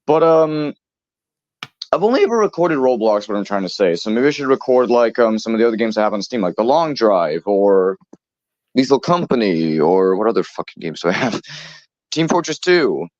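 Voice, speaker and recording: A man talking casually on a stream, rambling from thought to thought with a lively, swinging pitch. He laughs easily and swears offhand. The sound is dry and a little dull, like a cheap mic. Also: normal speed, no room sound. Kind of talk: casual chat.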